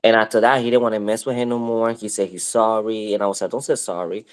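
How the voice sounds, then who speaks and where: A man's voice: fairly low pitch, flat delivery, fast, clear, resonant tone. A man in casual conversation, telling a long story in a rambling way with many fillers and restarts.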